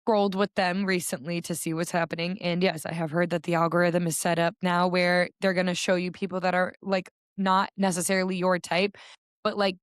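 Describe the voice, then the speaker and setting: A woman's voice: lowish voice, level tone, brisk, smooth, dry recording, clean studio sound. A young woman co-hosting a podcast, chatting in an upbeat way with lots of fillers. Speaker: podcast co-host. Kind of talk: casual chat.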